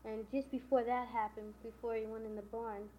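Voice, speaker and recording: A woman on the high side, speaking at a moderate pace with little variation in pitch, casually walks through the plot of a novel, joining events with "and then" and "you know." Faint hiss sits on a dull, lo-fi recording.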